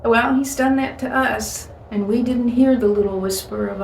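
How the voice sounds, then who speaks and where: A woman's voice: fairly high pitch, normal speed, gravelly. A woman giving a short devotional talk, earnest and storytelling. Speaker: devotional speaker. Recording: echoey room, voice from a distance, faint hiss.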